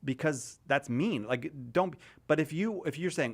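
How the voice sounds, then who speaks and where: A man's voice: on the high side, very animated, unhurried. A man hosting a radio talk show, chatting casually with a panel and thinking aloud with lots of restarts.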